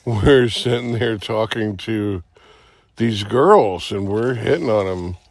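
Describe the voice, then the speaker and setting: A man's voice: on the low side, slow pace, no echo, clean studio sound. A man telling a long rambling story in casual podcast chat, swearing and acting out what people said. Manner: rambling, profane, acts out quotes with sudden shouts. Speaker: podcast host.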